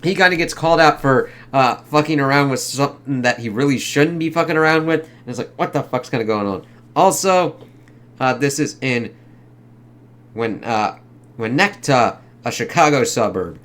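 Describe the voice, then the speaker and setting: Man, casual film review, rambling, heavy swearing, mid-pitched voice, exaggerated quoted voices. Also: normal speed, a bit bright. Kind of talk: casual spoken movie review.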